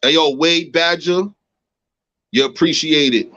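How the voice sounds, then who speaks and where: A man in his thirties hosts a casual live chat in an animated, slangy way. His voice sits a little high. It comes through a phone with a dry, muffled sound. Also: unhurried, no room sound. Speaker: host.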